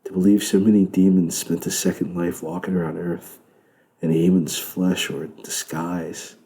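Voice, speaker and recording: A man narrates a novel in the first person with a plain, steady delivery. His voice is very low and gravelly. The tone is dark and mellow. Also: moderate pace, rough recording. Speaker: audiobook narrator.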